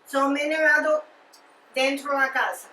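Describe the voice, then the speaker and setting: A woman's voice: high-pitched, fairly even intonation, normal speed, bright, forceful tone. A woman playing a bossy, distrustful old Italian mother who scolds and nags with an Italian accent. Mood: scolding. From Italy. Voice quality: scolding, nagging. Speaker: meddling mother. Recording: echoey and distant from the mic.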